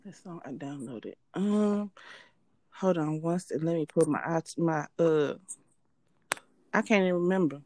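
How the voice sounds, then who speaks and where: Blunt joking woman, low voice. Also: a little slow, long pauses, darkish tone, dry recording. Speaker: podcast co-host. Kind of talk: casual podcast chat.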